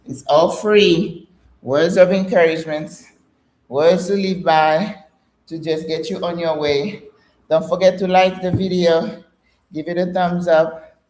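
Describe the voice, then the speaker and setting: A woman's voice: fairly low pitch, darkish tone. An older woman, chatty and encouraging as she leads a live workout class and talks with viewers. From Caribbean. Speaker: fitness instructor and channel host. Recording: roomy echo.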